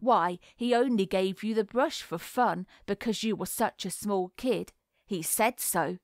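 A woman reading the part of a smug young schoolboy who taunts and mocks, in a slow, boastful way. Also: medium pitch, a little mellow, no echo, studio quality, close to an everyday voice. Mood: taunting. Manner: gloating, mocking, boastful. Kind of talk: audiobook character reading.

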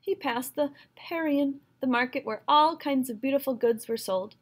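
Expressive woman reading a storybook aloud. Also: high voice, normal speed.

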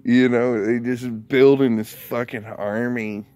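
A man ranting casually into the camera, rambling from point to point and swearing freely as he goes. He talks at an unhurried, drawn-out pace in a middle-pitched voice. The sound is dry and close, with no room echo. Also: fairly even intonation, darkish tone. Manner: profane, rambling, laughs often. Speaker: vlogger.

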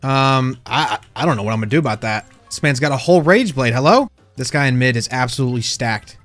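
A man's voice: medium pitch, fast talker, soft background music. A man doing casual gameplay commentary, teasing other players and yelping when surprised. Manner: playful trash talk to other players, sudden excited yelps. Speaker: gaming YouTuber.

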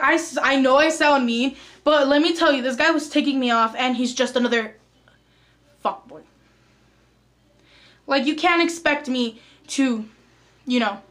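A teenage girl with a high, light voice talks straight to her viewers in a casual storytime vlog. She is chatty and animated as she recounts the exchange. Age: teens. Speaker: vlogger.

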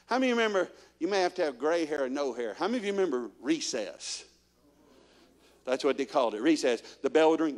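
A fast-talking man whose voice runs on the high side is the guest preacher at a church. He animates his stories and repeatedly quizzes the people in the pews.

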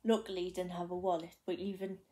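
A woman's voice: on the low side, little pitch movement, fast talker, warm tone. Rambling Geordie woman vlogging. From North East England. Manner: rambling, many fillers and restarts. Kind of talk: casual chatty storytelling.

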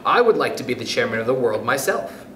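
A man voicing a tiny, self-assured mouse playing schoolteacher, brisk, fussy and bossy in storybook reading. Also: medium pitch, big pitch swings, a bit bright. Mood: lively. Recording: roomy echo, faint noise.

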